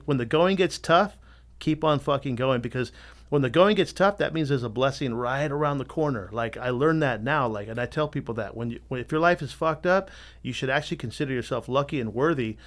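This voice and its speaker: A middle-aged man, a tattoo artist guesting on a podcast, telling his story in a candid, animated way and swearing freely. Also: mid-range voice, a little fast. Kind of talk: casual storytelling interview.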